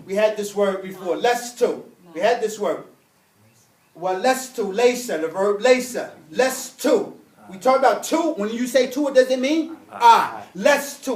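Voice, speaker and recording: A man teaching an Arabic religious text in class, emphatic and animated, repeating key points and reading Arabic quickly. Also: high voice, roomy sound, distant mic. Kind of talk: classroom lesson.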